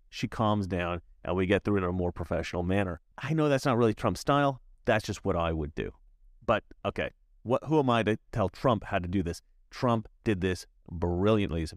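A man giving opinionated commentary as a YouTuber, emphatic and repetitive, with animated asides. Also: fairly low pitch, no room sound, studio quality.

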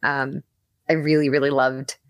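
A woman's voice: extremely low pitch, little pitch movement, a little slow, clear, resonant tone, no echo. A woman who is a guest on a podcast, a voice actress and writer, chatting casually and enthusiastically, with a lot of "like"s and "um"s. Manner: enthusiastic, rambling, many "like"s and "um"s.

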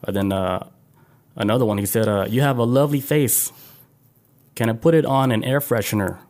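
An easygoing man co-hosting a casual podcast, steering the talk to new topics and reading short items aloud in a plain conversational way. His pitch sits in an ordinary middle range for a man. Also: brisk, darkish tone. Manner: easygoing, leads topics, reads quotes aloud. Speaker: podcast co-host.

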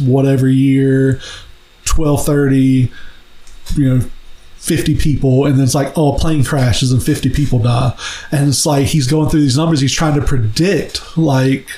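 A man's voice: mid-range voice, darkish tone, reverberant. A man co-hosting a casual podcast, ranting animatedly and swearing freely. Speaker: podcast co-host. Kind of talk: casual chat.

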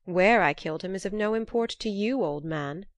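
A woman voicing a sly, mischievous male trickster god with a sharp, mocking way of speaking. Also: mid-range voice, normal speed, dry recording, lightly acted. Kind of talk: storybook reading.

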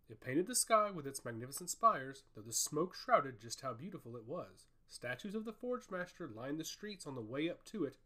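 A man narrating a fantasy story in a storybook style, with an expressive, rising and falling delivery. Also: a little high.

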